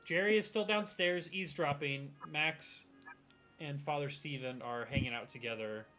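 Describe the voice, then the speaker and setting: A man runs a tabletop horror game for friends over a stream. His voice is bright and forward, and he talks in loose, laughing, profane banter. Faint music plays behind him. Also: fairly high pitch, normal speed. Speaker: game master.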